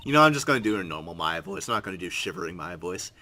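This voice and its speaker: A man's voice: deep voice, expressive, racing, hardly any pauses, sharp tone, a little hiss or hum. A man hosting a let's play, reading game text aloud with wry, sarcastic asides. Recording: game music underneath.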